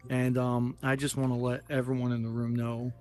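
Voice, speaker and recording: A man speaking earnestly to an audience, halting with many fillers and restarts. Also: mid-range voice, completely flat delivery, darkish tone, soft background music. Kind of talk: casual speech to an audience.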